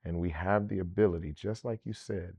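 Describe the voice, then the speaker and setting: A man hosting an interview, speaking in a calm, affirming, mentor-like way. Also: low voice, fairly quick, gravelly, dry recording. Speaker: podcast host. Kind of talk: interview conversation.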